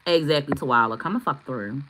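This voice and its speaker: A woman doing a live tarot reading, chatting with viewers, excitable and swearing freely. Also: extremely low pitch, fairly quick, a little hiss or hum, low-quality recording. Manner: excitable, swearing, bursts into shouts. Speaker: tarot reader.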